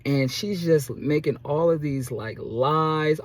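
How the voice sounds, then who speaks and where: A man who runs a small business, telling a story to camera in an animated, chatty way and often checking in with "okay?". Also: on the high side, slow pace, few pauses. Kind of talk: casual storytelling vlog.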